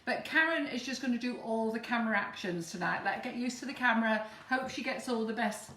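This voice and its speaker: A woman's voice: a little high, fairly quick, noisy background. A woman hosting a live cake-decorating demo, chatty and teasing. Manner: chatty, teasing, laughs often. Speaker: shop host. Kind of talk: live-stream demo chat. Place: shop demo kitchen. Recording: echoey kitchen from far off.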